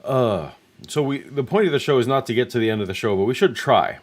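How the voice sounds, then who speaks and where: A man co-hosting a casual livestream chat, talking in a relaxed, hesitant way and laughing now and then. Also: medium pitch, fast talker. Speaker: co-host.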